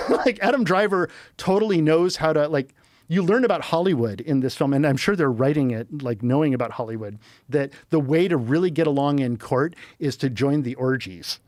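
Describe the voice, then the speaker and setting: Man, middle-aged, podcast guest, rambling animated storytelling, slightly high voice, dry close sound. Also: moderate pace, no room sound. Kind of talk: casual chat.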